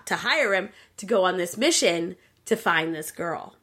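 A woman co-hosting a casual chat, retelling a game's plot in an animated way with plenty of swearing. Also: fairly low pitch, measured pace. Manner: profane, animated storyteller. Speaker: podcast co-host.

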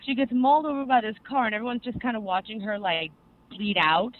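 In a casual podcast chat, a young adult co-host rambles excitedly through an anime recap, packing in fillers. The voice is mid-range and fairly quick, with a tinny, phone-like sound.

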